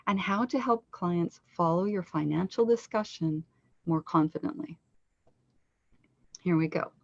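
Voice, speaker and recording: A woman coach giving a scripted webinar lesson on pronunciation, slowing down to stress numbers for clarity. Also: lowish voice, vocal fry, a little mellow, dry recording. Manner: slow deliberate stress on numbers for teaching. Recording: dull lo-fi dry recording.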